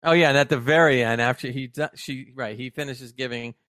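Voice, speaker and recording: A man's voice: medium pitch, steady tone, brisk, a bit bright, dry recording, clean studio sound. Man animatedly recapping TV scenes. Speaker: podcast co-host. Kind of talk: casual review chat.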